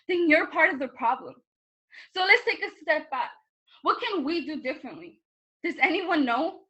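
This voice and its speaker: A woman's voice: high voice, pushed and bright, rough recording. A young woman performing an earnest, impassioned monologue over a video call, with pointed questions to her listeners. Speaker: student performer. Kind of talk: spoken-word monologue.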